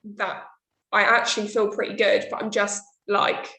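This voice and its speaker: A woman chats candidly as a podcast host, acting out her own past remarks. Her voice sits at a middling pitch, and the room adds a clear echo. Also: little pitch movement, normal speed, pushed and bright. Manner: candid, chatty, quotes herself often. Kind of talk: casual chat. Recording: roomy echo.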